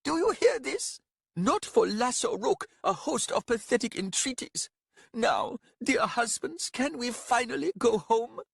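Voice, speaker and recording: A male audiobook narrator voicing a furious, sharp-tongued young warrior woman who scolds in a shrill voice. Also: sing-song, measured pace, creaky, husky, no echo, clean studio sound, full character voice. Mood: scornful.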